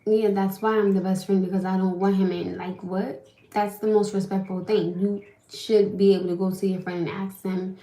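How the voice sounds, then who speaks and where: A young woman talks straight to her livestream viewers, venting about her day in a loose, animated way. Her voice sits at a middle pitch, and the room around her rings with a noticeable echo. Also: moderate pace. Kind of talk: casual live-stream storytelling.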